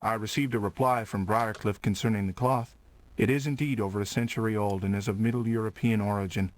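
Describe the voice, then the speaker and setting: An actor playing a calm, formal male investigator in a video game, speaking in a measured way. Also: lowish voice, close to an everyday voice. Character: calm, proper male investigator narrating his case. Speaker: player character, investigator.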